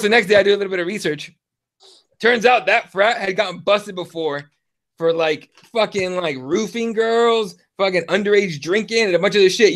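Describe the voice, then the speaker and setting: High-voiced cursing podcast host. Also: male voice, fairly bright tone. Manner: profane, rambling, lots of fillers. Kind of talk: casual chat, storytelling.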